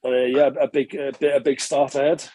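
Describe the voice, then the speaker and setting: A man, a former rugby player, recalls his career in a relaxed interview, rambling and correcting himself as he goes. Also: medium pitch, a little fast, slightly rough, dry recording. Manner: chatty, rambling recollection, frequent filler and self-correction. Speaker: former professional rugby player, podcast guest.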